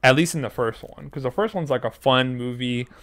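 A man in his twenties telling a story in casual chat, animated, swearing often and acting out quotes. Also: mid-range voice, fairly quick, no room sound, clean studio sound. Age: 20s. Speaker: podcast co-host.

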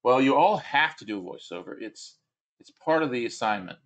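A man with a gravelly, creaky voice at a middle pitch gives a recorded lecture to his students. He talks conversationally and encouragingly, with plenty of fillers and restarted phrases. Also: lively intonation, brisk, a bit bright, dull audio. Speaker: instructor.

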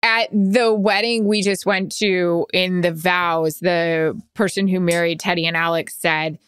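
Woman cohost, smooth clear voice, dry close mic, candid and confiding. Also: lowish voice, fairly even intonation, measured pace, fairly bright tone, no room sound. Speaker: podcast co-host. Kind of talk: casual chat.

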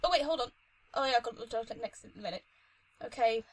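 A young woman commentating her own playthrough of a story game, chatty and excitable, talking to herself and the screen. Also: a little high, fast, poor audio. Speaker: let's play host. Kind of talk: gaming commentary.

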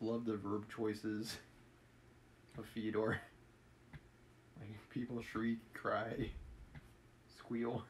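Low-voiced man reading a novel aloud. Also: completely flat delivery, drawn-out words, long pauses, slight background noise, poor audio. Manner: chatty, laughs at the text.

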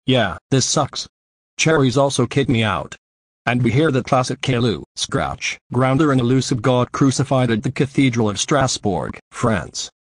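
A text-to-speech voice pitched down to play a glum, complaining male prisoner. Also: lively intonation, normal speed, no echo, close to an everyday voice.

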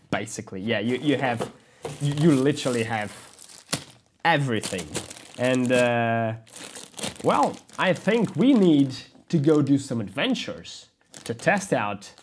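A man's voice: on the high side, slight background noise. A man, unboxing a product on his vlog in an upbeat, rambling way with restarts. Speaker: vlogger. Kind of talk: sponsored unboxing.

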